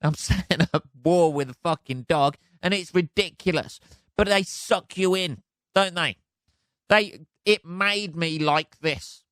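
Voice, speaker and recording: A man's voice: fairly high pitch, unhurried, a bit bright, no room sound, studio quality. A man hosting a solo podcast, ranting in a sweary, exasperated way and laughing at himself. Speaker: podcast host. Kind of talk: casual solo rant.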